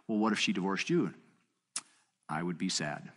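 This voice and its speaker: Husky-voiced man teaching a marriage seminar. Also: normal speed. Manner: conversational, storytelling with quoted dialogue; animated, jumps up in pitch for emphasis.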